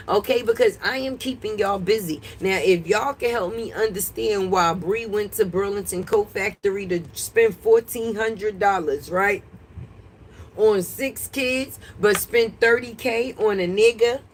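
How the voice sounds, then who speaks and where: A brash woman talks straight to her livestream chat, swearing freely and scolding the viewers. Her voice sits a little high. Faint noise hangs behind her, as she streams from her phone on the porch. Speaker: livestream host. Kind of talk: casual livestream rant. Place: porch outdoors.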